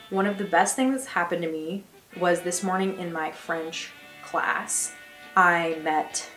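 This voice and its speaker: A young woman from the United States chats to her camera in a casual, upbeat way, laughing easily as she talks. Her voice sits a bit low for a woman. The small attic bedroom sounds echoey, and faint music plays underneath. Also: a bit bright. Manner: chatty and upbeat, with quick laughs. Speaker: exchange student vlogger. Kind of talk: casual vlog chat. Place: small attic bedroom with slanted ceiling and beams.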